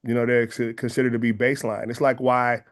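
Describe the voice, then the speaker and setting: A man from the San Francisco Bay Area with a Bay Area accent, speaking as an interview guest in an earnest, measured way and often rephrasing his ideas. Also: mid-range voice, little pitch movement. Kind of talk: reflective interview conversation.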